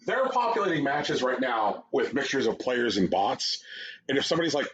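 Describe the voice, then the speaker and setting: Speaking a little fast, this podcast co-host has a medium-pitched, sing-song voice with a fairly bright tone. He spins lengthy, sarcastic, filler-heavy stories during a casual game-review conversation captured in dull lo-fi audio.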